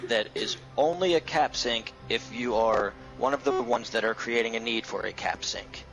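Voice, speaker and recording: Male guest, gravelly, tongue-in-cheek, halting delivery, faint music under. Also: medium pitch, poor audio. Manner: hesitant, tongue-in-cheek, joking. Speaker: guest with conspiracy theories. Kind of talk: casual gaming chat.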